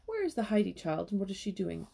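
A woman voicing a kind, brisk old grandmother in a read-aloud storybook, speaking gently with a lightly raised pitch. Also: big pitch swings, gravelly, slight background noise. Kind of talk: storybook reading.

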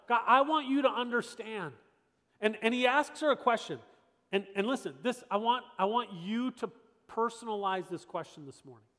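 High-voiced pastor in a reverberant church. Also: male voice, animated, normal speed, fairly bright tone. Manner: conversational, emphatic, repeats rhetorical questions. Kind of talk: sermon. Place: church sanctuary. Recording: long church hall reverb.

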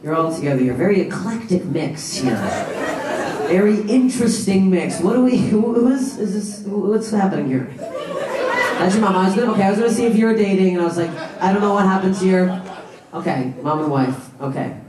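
A woman's voice: mid-range voice, lively intonation, fairly quick. A woman comedian doing brash, profane, teasing crowd work on a club stage. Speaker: stand-up comedian. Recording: echoey live club from a distant mic. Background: loud laughing crowd.

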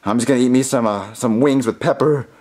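A man's voice: mid-range voice, fast talker, a little mellow, natural voice. A man voicing a jittery puppet dad who stammers and gets flustered. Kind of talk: puppet comedy skit.

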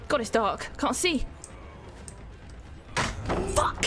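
Excitable high-voiced woman streamer. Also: normal speed, long pauses, music in the background. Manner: excitable, swearing, self-mocking. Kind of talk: live gaming commentary.

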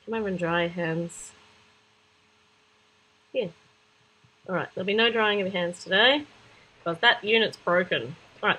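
A woman's voice: mid-range voice, a little hiss or hum, low-quality recording. Chatty woman narrating a kids' app. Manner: chatty, talking to toy figures, sudden excited squeals, sound-effect words. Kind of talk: playful playthrough narration for children.

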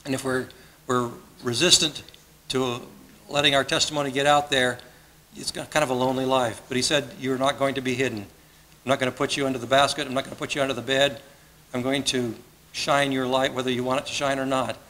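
A male pastor delivers a sermon in an earnest, conversational way, repeating phrases as he builds a point. His voice is bright and forceful. Faint room ambience sits behind him in the church. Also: medium pitch, level tone, brisk, slight background noise, poor audio. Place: church sanctuary.

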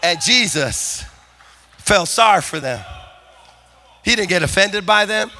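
A man preaching a sermon as pastor, shouting and building intensity in a church. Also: sits high, expressive, takes it slowly. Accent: Californian. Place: church sanctuary.

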